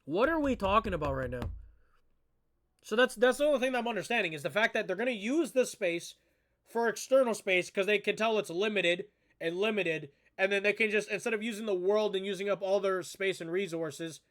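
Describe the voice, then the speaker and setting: Male streamer, reaction commentary, high bright voice, rants at the screen. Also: brisk. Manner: excitable, ranting, talks back at the screen.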